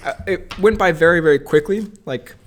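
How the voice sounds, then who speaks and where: A young man co-hosting a podcast, talking through movies in a loose, rambling way. His voice sits a little high for a man, and he laughs a lot and trails off when he forgets a name. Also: a little fast. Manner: rambling, laughs often, loses his train of thought. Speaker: podcast co-host. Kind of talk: casual movie chat.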